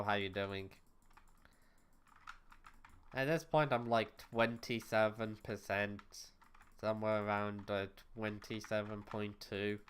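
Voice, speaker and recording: A man's voice: lowish voice, fairly bright tone, smooth. A man streaming a video game as a VTuber, talking to chat in a rambling, blunt and exasperated way, swearing freely. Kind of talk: casual gaming livestream chat.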